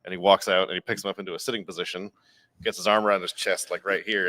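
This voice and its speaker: Podcast guy telling a bar story, lowish voice, acts out the lines, dead dry room. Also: fast talker, no echo. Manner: animated, acts out quotes with big jumps in pitch. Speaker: podcast co-host, bar worker. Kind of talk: casual storytelling.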